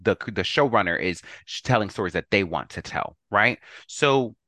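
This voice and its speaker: A man's voice: on the low side, lively intonation, normal speed, sharp tone, dry recording. A man guesting on a podcast in casual chat, emphatic and preachy as he makes his points.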